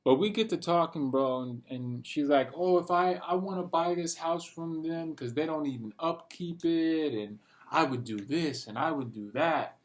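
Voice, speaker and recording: A man's voice: fairly high pitch, normal speed, few pauses. Rambling young man saying "bro". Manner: rambling, says "bro" constantly, quotes himself and others in little voices. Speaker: vlogger. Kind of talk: casual monologue. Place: at home, dogs nearby.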